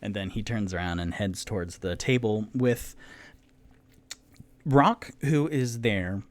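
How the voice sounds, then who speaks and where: A man working as dungeon master, narrating a solo tabletop game in a relaxed, meandering way full of fillers. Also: on the low side, slow.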